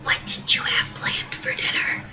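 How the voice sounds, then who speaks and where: A woman puts on a placating husband in whispered role-play. He keeps his voice to a hushed, apologetic murmur, tiptoeing around his busy wife. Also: a little slow. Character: whispering middle-aged husband, meek and placating.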